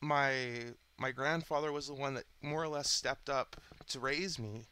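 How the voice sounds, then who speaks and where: A man's voice: mid-range voice, steady tone, a little slow, bright, forceful tone, clean tone. A man hosting his own channel, chatting in a rambling, candid monologue that often stops and restarts. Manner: chatty, self-interrupting, candid. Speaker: channel host.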